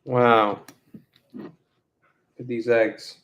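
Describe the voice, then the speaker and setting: Man vlogging at home, mid-pitched, slow rambling delivery. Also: steady tone, roomy sound, a little hiss or hum. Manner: slow, rambling, with fillers and laughs. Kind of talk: casual vlog talk. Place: his apartment. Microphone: phone camera.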